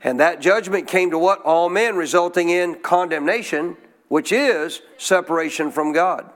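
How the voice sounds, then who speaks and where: A man's voice: high voice, moderate pace, fairly bright tone. A man preaching a sermon to a congregation, emphatic, often asking them questions and having them repeat after him. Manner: emphatic call-and-response preaching, quizzing the congregation. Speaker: pastor.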